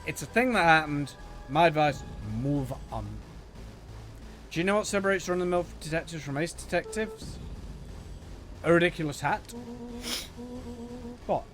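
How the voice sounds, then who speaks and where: Over soft background music, a man with a highish, fairly bright voice plays through a game on stream, talking at normal speed with frequent pauses. He playfully voices the characters as he reads their lines and cracks jokes between them.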